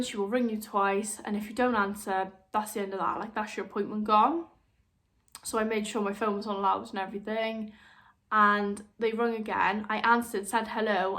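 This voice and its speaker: A woman's voice: mid-range voice, a bit bright. A young woman talking frankly to camera as a vlogger, chatty and open, slipping into other voices when she quotes people. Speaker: vlogger, new mother. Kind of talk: candid personal chat to camera.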